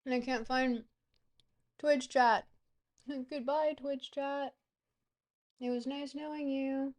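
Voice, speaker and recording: A woman's voice: high-pitched, steady tone, takes it slowly, a little mellow. A woman streamer in a casual livestream chat, goofy and rambling, swearing freely.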